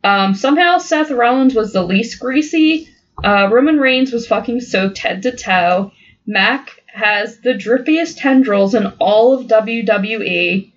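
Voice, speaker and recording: A woman's voice: on the high side, measured pace, highs cut off. Blunt, profane woman podcast host. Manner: blunt and profane, laughs often. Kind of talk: casual wrestling banter.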